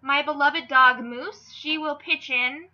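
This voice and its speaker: A woman's voice: sits high, steady tone, slow pace, bright, forceful tone, dry recording, dull audio. A young woman with a Minnesotan accent, hosting a casual podcast in a rambling, self-deprecating way that drifts off on side tracks. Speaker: podcast host.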